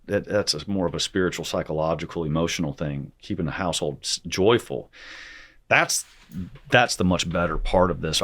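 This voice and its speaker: A man's voice: low-pitched, a bit bright. A man hosting a podcast, chatting casually and getting emphatic when he makes a point. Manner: emphatic, rising sharply when making a point. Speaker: podcast host. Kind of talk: casual chat.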